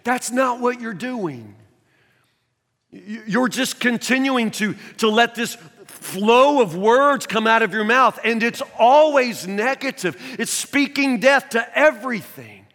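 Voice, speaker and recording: A man preaching a sermon as a pastor in a conversational, animated way, recorded in a church sanctuary. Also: extremely high pitch, takes it slowly. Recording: long reverb of a large church hall.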